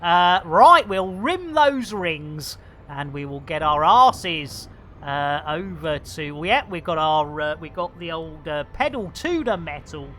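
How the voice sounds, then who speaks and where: A man's voice: fairly high pitch, very animated, takes it slowly, sharp tone, slight background noise. A man streaming a space game, chatting casually and full of playful catchphrases. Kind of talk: casual live game commentary.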